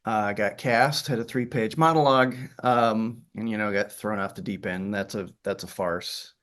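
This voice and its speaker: Speaking a bit brightly in a lowish register at moderate speed, this middle-aged Upper Peninsula man carries a faint Yooper accent. As a theater director being interviewed, he spins stories chattily, with lots of fillers and false starts.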